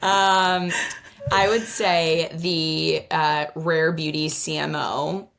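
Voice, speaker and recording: A woman's voice: low-pitched, flat delivery, very slow, gravelly, fairly bright tone. A young woman content creator talking casually as an interview guest, chatty and full of "like". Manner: chatty, lots of "like" and fillers.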